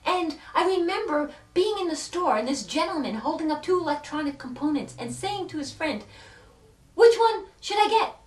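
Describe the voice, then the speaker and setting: A woman with a high voice tells a heartfelt personal story, earnest and full of dramatic pauses. She swings between hushed and loud passages. She sits back from the mic in an echoey room. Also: animated, far from the mic. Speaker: self-help speaker.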